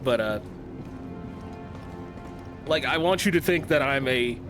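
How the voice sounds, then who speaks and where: A man's voice: medium pitch, lively intonation, takes it slowly, over music. A young man streaming a game, chatting casually, joking, swearing and laughing often. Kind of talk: casual livestream chat.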